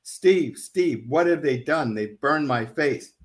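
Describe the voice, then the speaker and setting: A frightened young wife, distraught and pleading over what has been done to her, read aloud by a man. The voice stays close to an ordinary speaking voice of middle pitch. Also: normal speed, fairly bright tone, lightly acted. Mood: panicked.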